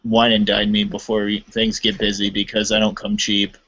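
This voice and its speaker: Wisecracking low-voiced man, lo-fi. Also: completely flat delivery, normal speed, a bit bright. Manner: wisecracking, profane. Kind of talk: casual joking chat. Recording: dull lo-fi mic with faint noise.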